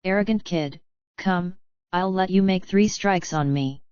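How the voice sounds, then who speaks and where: A man's voice: high-pitched, measured pace, darkish tone, dry recording, dull audio. A woman reading the part of a huge, bald, boastful male mercenary who mocks and provokes others. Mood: taunting. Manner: mocking, gruff provoking.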